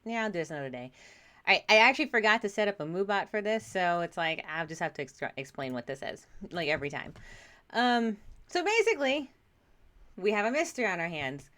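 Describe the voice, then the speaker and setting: A woman's voice: mid-range voice, sing-song, a little fast, a bit bright. A woman casually commenting on a game she streams, chatty and self-deprecating with frequent laughs.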